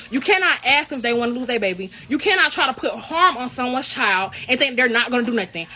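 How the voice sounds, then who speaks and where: A young woman, a member of a college royal court, telling an indignant, animated story in a casual vlog. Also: sits high. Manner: animated, indignant retelling with quoted dialogue.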